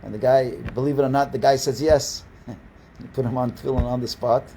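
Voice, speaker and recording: A man's voice: medium pitch, steady tone, a little fast, warm tone, slight background noise, rough recording. A man teaching as a rabbi over a video call, telling a story in a rambling way, repeating words and restarting often. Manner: lifts his voice when quoting people. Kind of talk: storytelling lesson. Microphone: online video call.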